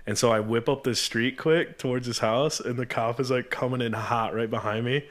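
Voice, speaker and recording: A man's voice: medium pitch, fairly even intonation, normal speed. A young man in casual chat, telling a laid-back story, swearing and acting out quotes of others.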